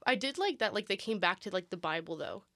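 A woman's voice: medium pitch, expressive, fast talker, a bit bright, no echo, clean studio sound. A young woman co-hosting a casual chat, talking in a rambling, self-deprecating way. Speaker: co-host.

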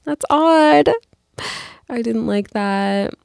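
A woman's voice: a little high, drawn-out words, creaky, smooth, no echo, studio quality. A young adult woman, telling a personal story to camera in a chatty, casual way full of "like". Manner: chatty, peppered with "like", swings between calm and animated. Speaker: vlogger.

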